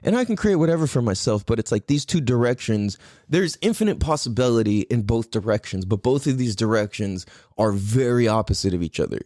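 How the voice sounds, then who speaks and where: A man's voice: mid-range voice, expressive, fairly quick, mellow, dry recording, studio quality. A man from California with kids, hosting his own podcast and rambling through a casual solo talk full of swearing and fillers. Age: adult parent. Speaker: podcast host.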